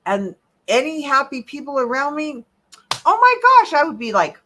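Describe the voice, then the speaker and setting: Lively woman health coach, motivational talk, punchy then hushed. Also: high-pitched, moderate pace, a little hiss or hum. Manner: animated, emphatic, swings between loud and soft.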